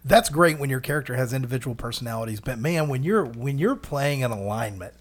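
A man's voice: mid-range voice, lively intonation, fairly quick. Eager guest telling a table story in a casual group chat, with a man's mid-range voice. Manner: enthusiastic storyteller, stumbles and restarts. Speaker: podcast guest.

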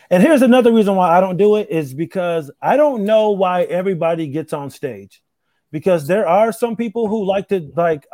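A man's voice: sits high, mellow, no room sound, studio quality. A man who is a stand-up comic, chatting casually in a laid-back way, repeating himself and trailing off with "man". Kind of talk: casual podcast chat.

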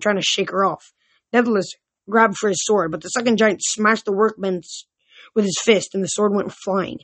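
A woman reads a novel aloud in a mid-pitched voice. She stumbles now and then and goes back to restart words. The reading is informal rather than polished. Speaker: reader.

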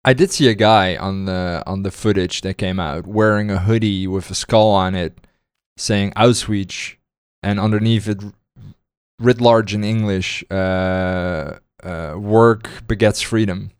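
A man in casual political chat, sarcastic and halting, often laughing as he talks. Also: low voice, steady tone, clear, resonant tone, no echo, clean studio sound.

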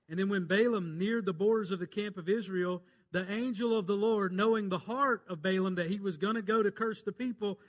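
A Southern preacher from Mississippi retelling a Bible story from the pulpit. His voice sits high for a man and rises and drops in volume with each turn. Folksy, country-plain storytelling. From Mississippi, USA. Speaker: pastor. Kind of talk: sermon.

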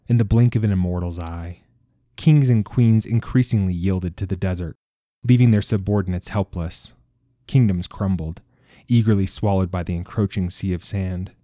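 A man reading a story aloud in a measured, expressive way. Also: lowish voice, no echo, studio quality. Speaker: narrator. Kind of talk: scripted story narration.

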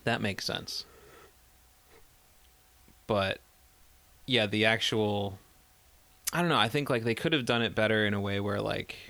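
A man's voice: fairly low pitch, a little slow, creaky, pauses often, pushed and bright, dry recording. A man co-hosting a casual podcast chat about a film, talking hesitantly and often trailing off. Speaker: podcast co-host discussing a film.

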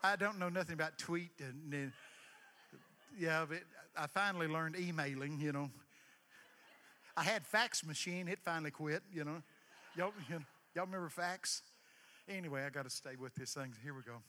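An older man preaching a lively sermon in a church, his voice high for a man and ringing bright. He swings between quiet asides and sudden shouted bursts, and the sound carries a long hall reverb. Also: normal speed.

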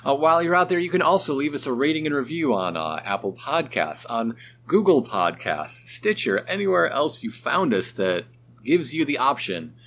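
A man co-hosting a podcast in casual chat, talkative and quick to laugh. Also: mid-range voice, slight background noise. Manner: chatty, laughs often, lively. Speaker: podcast co-host.

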